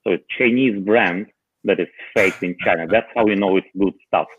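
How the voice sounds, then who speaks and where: A man on a podcast panel chatting casually about tech, halting often with filler pauses. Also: deep voice, husky, no echo. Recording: tinny phone-like remote line.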